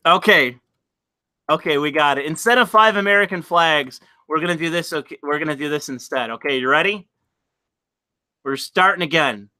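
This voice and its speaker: A man's voice: fairly high pitch, moderate pace, pushed and bright, dry recording, studio quality. A man hosting a casual live stream, talking to chat in a profane, exasperated way and laughing often.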